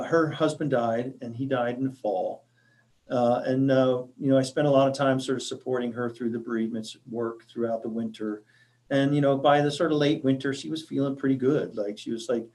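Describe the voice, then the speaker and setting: A man speaks as a hospice grief counselor, presenting to a library audience. His mid-range voice moves in a thoughtful, halting way, full of small fillers and restarts as he explains. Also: medium pitch, a little mellow.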